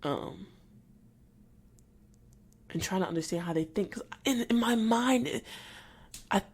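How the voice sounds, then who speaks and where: A young adult woman hosting a solo podcast, venting with irritation and halting, restarting speech. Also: medium pitch, husky. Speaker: podcast host.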